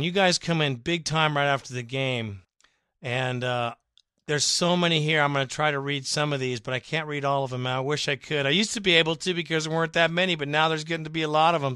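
A male podcast host with a bright, forceful voice chats casually, reading listener comments aloud and swinging between animated bursts and low asides. His voice is crisp and fairly high, recorded close and dry. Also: no room sound.

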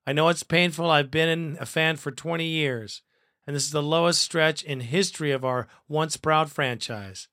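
A man hosting a fan podcast, reading listener comments aloud in a profane, excitable way and laughing often. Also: on the high side, moderate pace, dry recording, studio quality.

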